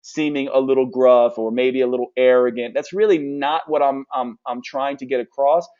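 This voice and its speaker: Answering questions during a live nutrition session, a male health coach speaks bluntly, emphatically, and with force. He has a medium pitch and fairly even intonation at a moderate pace, and the recording's highs are cut off.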